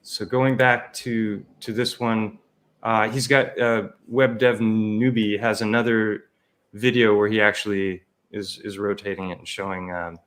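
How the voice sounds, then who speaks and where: A man with a lower voice explains something in casual chat. He halts often and fills his pauses. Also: flat delivery, a bit bright. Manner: halting, filler-heavy explaining.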